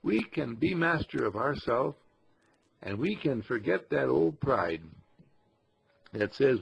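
A man gives a spiritual talk in a gravelly, husky voice. His pitch rises and falls a great deal as he acts out small everyday scenes, and his delivery stays animated throughout. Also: takes it slowly, pauses often, highs cut off. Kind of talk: inspirational talk.

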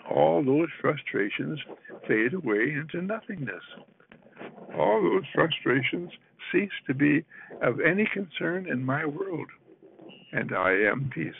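Male spiritual counselor, unhurried, gravelly and husky, tinny lo-fi sound. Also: fairly high pitch, very animated, slight background noise. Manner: slow, soothing, repeats affirmations, chuckles often. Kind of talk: inspirational talk. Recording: tinny phone-like recording.

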